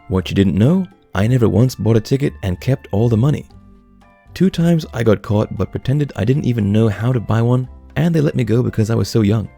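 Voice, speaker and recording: Male narrator, dark gravelly voice, steady scripted story read. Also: medium pitch, fairly quick, soft background music. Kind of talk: scripted narration of online stories.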